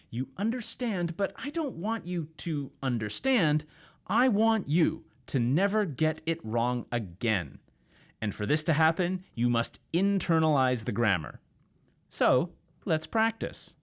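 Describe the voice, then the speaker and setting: A man from Canada teaching English pronunciation, drilling words slowly and clearly with repetition. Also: medium pitch, big pitch swings. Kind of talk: scripted pronunciation lesson.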